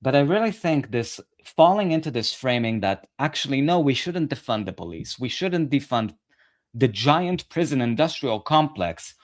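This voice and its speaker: A man's voice: medium pitch, lively intonation, moderate pace. Profane sarcastic male commentator. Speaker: political commentator. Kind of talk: ranting political commentary.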